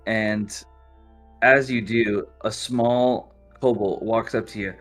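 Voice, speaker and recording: A man's voice: fairly low pitch, fairly even intonation, takes it slowly, faint music behind. A man narrating as game master of a tabletop game, rambling with lots of fillers.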